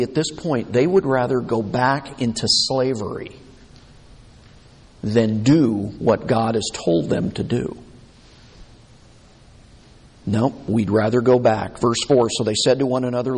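A man's voice: medium pitch, moderate pace, husky. A man preaching a conversational sermon, acting out the people's complaints with emphasis as he explains the passage. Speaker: pastor. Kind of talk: expository sermon. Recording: long hall reverb.

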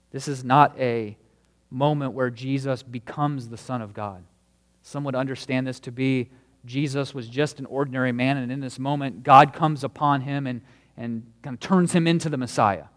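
A man's voice: medium pitch, long reverb tail. A man preaching a sermon as a pastor, earnest and emphatic, leaning hard on key words.

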